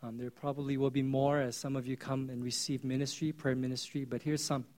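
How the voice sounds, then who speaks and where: A male pastor preaching a sermon in a conversational storytelling way, swinging between loud bursts and hushed asides. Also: medium pitch, level tone, fairly quick.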